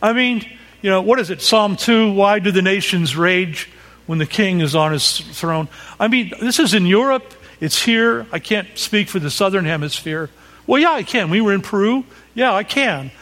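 A man's voice: high-pitched, lively intonation, moderate pace, fairly bright tone. A man preaching a sermon, telling a personal story with asides to the audience and acting out the cries he quotes. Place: large hall with audience. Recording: long hall reverb.

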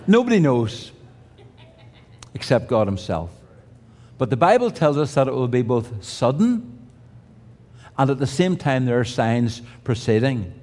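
A man's voice: mid-range voice, expressive, a little slow, long pauses, darkish tone. An older man preaching a sermon in a conversational way, with restarts and humorous asides. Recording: reverberant hall.

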